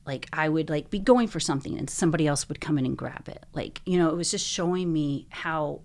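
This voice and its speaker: A woman with a low voice for her sex speaks as a podcast guest, telling her own story. She sounds earnest and emotional, and she fills her speech with a lot of likes and you-knows. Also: a little fast, a little mellow. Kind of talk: personal storytelling in a podcast interview.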